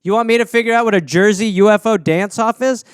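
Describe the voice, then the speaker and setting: High-voiced man riffing on a comedy podcast. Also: fast, clean tone, no room sound, clean studio sound. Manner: profane, riffing, incredulous. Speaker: podcast host. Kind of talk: comedic rambling monologue.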